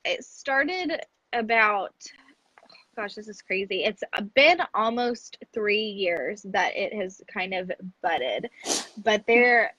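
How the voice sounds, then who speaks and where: Woman coach chatting in an interview, kinda husky, dry close sound, laughs a lot. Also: medium pitch, expressive, takes it slowly, pushed and bright, no room sound, lo-fi sound. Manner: candid, laughs often, acts out her own past lines. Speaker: business coach for moms. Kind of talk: casual interview conversation.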